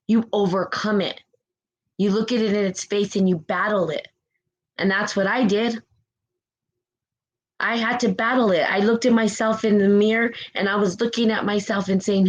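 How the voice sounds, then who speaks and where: Near tears, a woman on a spiritual live stream gives a fervent motivational talk, reading out viewer comments, repeating herself, and frequently asking "right?". Her voice is medium-pitched, and the recording quality is low.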